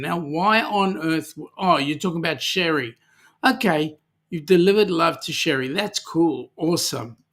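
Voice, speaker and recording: An Australian man hosts a live chat, reading out viewers' comments in a casual, rambling way full of ums. His voice sits a little high for a man and sounds bright. He talks slowly and easily. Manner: chatty, warm, many ums, reads viewer comments aloud. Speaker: livestream host.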